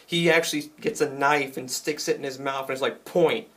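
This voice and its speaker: A young man casually reviewing a video game, retelling scenes in an excited, rambling way with lots of likes and ums. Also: medium pitch, fairly quick.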